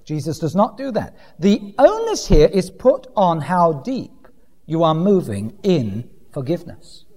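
Man, sermon, wildly swooping pitch, dry humour, long hall reverb. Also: a little slow. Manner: animated, acts out quoted voices with dry humour. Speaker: preacher.

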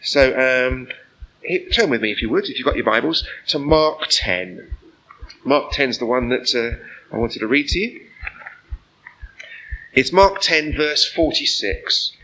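A man's voice: mid-range voice, expressive, unhurried, long pauses, pushed and bright, slight background noise, low-quality recording. A man preaching an informal sermon, chatty and earnest, often asking the listeners rhetorical questions. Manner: conversational, full of rhetorical questions; personal and earnest.

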